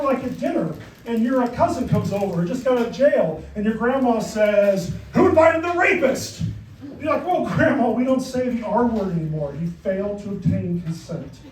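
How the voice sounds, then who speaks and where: A middle-aged man doing a punchy, deadpan stand-up comedy set in a comedy club. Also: very high-pitched, background noise. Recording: roomy club sound, mic far off, crowd. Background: audience laughter.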